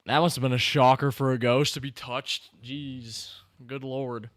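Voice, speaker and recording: A man hosting a live stream, chatting casually and reacting excitedly to the screen and his chat. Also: medium pitch, measured pace, no room sound. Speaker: streamer host.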